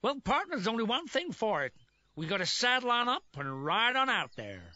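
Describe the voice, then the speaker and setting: A man's voice: very high voice, sing-song, fairly quick, sharp tone, muffled recording, full character voice. A man voicing a boastful, drawling old-west marshal in a cartoon, full of folksy cowboy slang. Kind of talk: cartoon voice acting.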